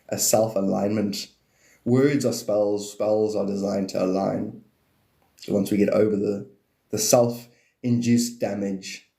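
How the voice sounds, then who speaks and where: A man's voice: lowish voice, vocal fry, mellow, echoey room. A man hosting a live stream, rambling loosely about spirituality and cats and drifting between topics. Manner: meandering, free-associating, laughs often, slips into silly voices.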